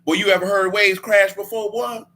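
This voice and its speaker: A man's voice: sits high, flat delivery, brisk, pushed and bright. A man leading a Bible study in a casual preaching style, blunt and emphatic, with a lot of slang.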